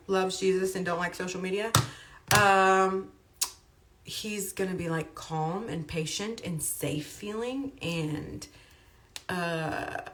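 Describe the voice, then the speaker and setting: A woman's voice: mid-range voice, fairly bright tone. A woman in her thirties, chatting candidly and rambling on a livestream to her viewers. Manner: rambling, candid, uses y'all and ain't. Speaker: livestream host. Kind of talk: casual livestream chat.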